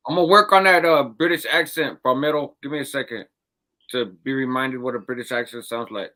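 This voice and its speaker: A man's voice: mid-range voice, a little fast, sharp tone. A man co-hosting a live podcast, talking in a loose, laid-back, rambling way and chuckling often. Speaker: podcast co-host. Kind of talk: casual live podcast chat.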